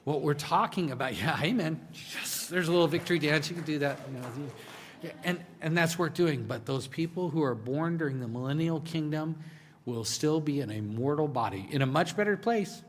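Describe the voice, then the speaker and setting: A man's voice: fairly high pitch, normal speed, a little hiss or hum. Male pastor preaching in a reverberant hall. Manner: conversational preaching, swings between hushed and emphatic. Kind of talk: sermon.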